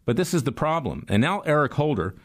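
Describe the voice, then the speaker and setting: A man's voice: fairly high pitch, brisk. An older man delivering a sarcastic political commentary monologue, telling stories and jokes. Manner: sarcastic, storytelling, animated.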